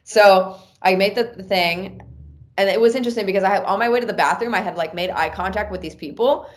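In a casual podcast chat, a woman animatedly relates a personal story, peppering it with "like." Her voice is mid-range and her pace a little fast.

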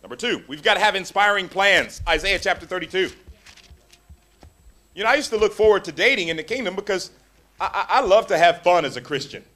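A man preaching a sermon to a congregation, animated and joking, acting out the voices of the people in his stories. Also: high-pitched, a little fast. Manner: animated, acts out quoted voices.

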